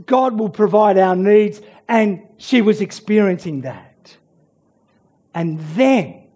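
A man preaches a sermon with expressive, dramatic pauses. His voice sits high and moves widely in pitch, and he takes his time, often restarting on repeated words. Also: husky.

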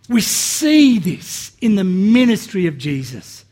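A man's voice: on the high side, sing-song, unhurried, creaky, few pauses, a little mellow, breathy edge. A man preaching a sermon, earnest, often repeating words as he starts phrases and acting out the quotes he reads. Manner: acts out Bible quotes with rising and dropping voice.

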